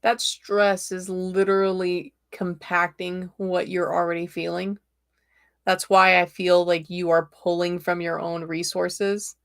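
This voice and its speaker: A woman's voice: on the low side, little pitch movement, a little slow, vocal fry. A woman host giving live-streamed tarot readings in a chatty, direct and encouraging way, with a tickle in her throat.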